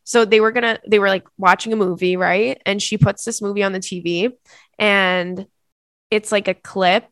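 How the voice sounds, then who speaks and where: A woman's voice: mid-range voice, steady tone, moderate pace, fairly bright tone, clear, resonant tone, no room sound. A young woman hosting a podcast, chatting casually and emotionally, reading out listener letters with lots of fillers. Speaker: podcast host.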